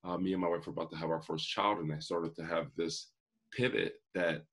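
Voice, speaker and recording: A man's voice: sits low, flat delivery, a little fast, fairly bright tone. A man in his forties, a guest telling his life story in an earnest, vivid way. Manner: earnest, vivid storyteller who acts out quotes. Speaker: guest, motivational speaker. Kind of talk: personal storytelling in an interview.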